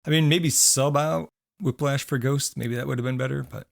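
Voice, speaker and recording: A man's voice: medium pitch, fairly even intonation, normal speed, creaky. A man co-hosting a podcast in casual chat, rambling with fillers while losing his voice. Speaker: podcast co-host.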